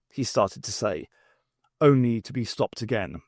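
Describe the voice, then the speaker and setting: A man reading a novel aloud in measured, clear storytelling. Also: fairly low pitch, expressive, dry recording, studio quality. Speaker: audiobook reader.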